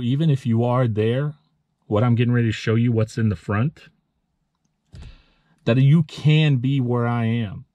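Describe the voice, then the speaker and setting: Earnest, emotional man with a mellow voice. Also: lowish voice, no echo. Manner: earnest, emotional, halting with restarts. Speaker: lawn care business owner and channel host. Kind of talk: heartfelt motivational vlog talk.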